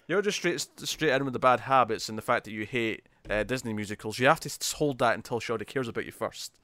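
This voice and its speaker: A man's voice: medium pitch, sharp tone, no room sound. A man co-hosting a casual podcast, joking and teasing his co-host. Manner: joking, teasing, quick to laugh.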